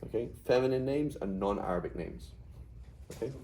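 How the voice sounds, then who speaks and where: A man's voice: medium pitch, expressive, normal speed, warm tone, a little hiss or hum, low-quality recording. A middle-aged man teaching a Quranic Arabic class in a conversational way, often checking with "right?". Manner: explains with frequent "right?" checks.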